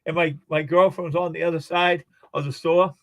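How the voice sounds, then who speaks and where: A man's voice: fairly high pitch, flat delivery, fairly quick, no room sound. A man chatting casually, telling rambling everyday anecdotes as a guest on a live stream. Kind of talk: casual chat.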